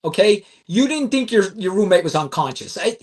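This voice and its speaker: A man's voice: high-pitched, animated, moderate pace, darkish tone. A man co-hosting a casual true-crime discussion, talking emphatically over a remote call. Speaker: co-host.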